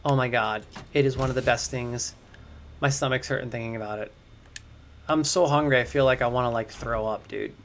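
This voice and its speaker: A young man chatting excitedly to his viewers while building in a game, slangy and easily distracted. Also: mid-range voice, a little fast, slight background noise. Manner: chatty, hyped, slangy, talks to chat as crew. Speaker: game streamer. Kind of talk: casual livestream commentary.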